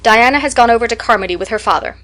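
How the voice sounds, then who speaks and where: A woman's voice: a little high, expressive, rapid-fire, fairly bright tone. A woman voicing a cold, proud and suspicious mother who speaks stiffly.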